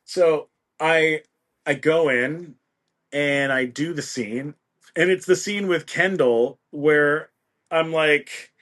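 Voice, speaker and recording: A man, an interview guest, telling an anecdote in an animated, self-mocking way. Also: on the high side. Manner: animated, quick storytelling with self-mocking asides. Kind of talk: anecdotal storytelling.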